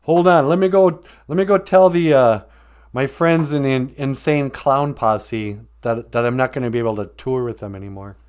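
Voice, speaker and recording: A man voicing an eager, apologetic male sidekick who talks in a hurried way. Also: medium pitch, darkish tone, clear, resonant tone, pitched above the performer's own voice, close to an everyday voice.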